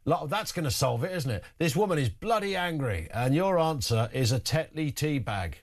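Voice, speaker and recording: Male phone-in host, animated and wry, lots of pitch movement. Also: normal speed. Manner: animated, wry, chatty asides. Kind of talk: talk radio phone-in.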